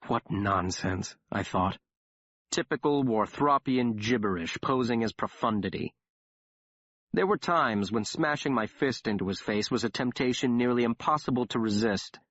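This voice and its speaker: A man's voice: medium pitch, expressive, normal speed, fairly bright tone, dry recording. A man narrating an audiobook in the first person, telling the story wryly and dramatically. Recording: dull dry audiobook recording.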